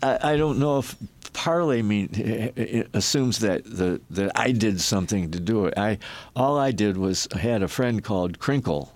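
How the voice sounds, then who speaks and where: Deep-voiced older man telling anecdotes. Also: lively intonation, moderate pace. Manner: rambling anecdotes with restarts and acted quotes. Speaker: guest, former rock roadie and photographer. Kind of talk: storytelling in a podcast interview.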